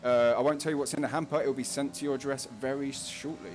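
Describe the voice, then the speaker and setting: Speaking with a Cockney accent, this race commentator and stream host chats and jokes through the laps, reading viewers' messages aloud in between. His mid-range voice is steady, fast and a little mellow. There's a slight hiss or hum on the recording.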